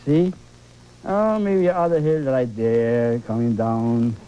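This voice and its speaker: A man's voice: medium pitch, steady tone, slow, warm tone, highs cut off, slight background noise. A man leading a televised painting lesson, exclaiming and coaxing, repeating phrases for emphasis. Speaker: painting instructor.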